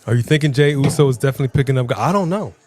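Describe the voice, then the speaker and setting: A man's voice: medium pitch, very fast, soft background music. A man co-hosting a live stream, chatting casually and playfully reading out viewer comments. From Southern California. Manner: energetic, playful, reads chat aloud.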